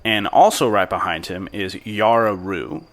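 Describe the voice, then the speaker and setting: A man's voice: fairly low pitch, measured pace. A man narrating as game master of a tabletop role-playing game, describing scenes in an easygoing, descriptive way.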